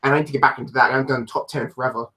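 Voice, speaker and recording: A man's voice: medium pitch, fairly even intonation, very fast, bright, forceful tone. A man with a London accent chatting casually on a live stream, answering viewers and rambling, with lots of restarts and self-deprecating asides. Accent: London English. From London, England. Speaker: livestreamer answering chat.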